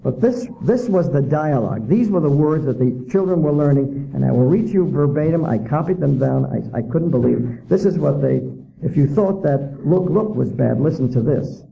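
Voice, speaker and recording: A man's voice: a little high, expressive, normal speed, creaky, highs cut off. A man giving a public lecture as an author, indignant and full of rhetorical questions.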